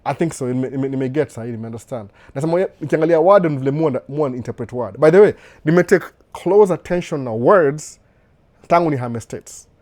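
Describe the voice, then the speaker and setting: A Kenyan man in a casual livestream Q&A, his voice sitting in an ordinary middle register. He talks in an animated, loose way, repeating himself and breaking into laughter. He speaks close to a desk microphone. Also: medium pitch, a little fast. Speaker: livestream host answering viewer questions. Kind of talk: casual live Q&A, mixing Swahili and English. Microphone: desk microphone with computer setup.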